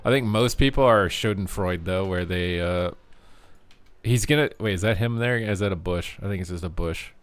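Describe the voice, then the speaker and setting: A man's voice: deep voice, normal speed, clean tone. A man streaming a video game, chatting casually with viewers while he plays, cracking jokes and swearing now and then. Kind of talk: casual live gameplay commentary.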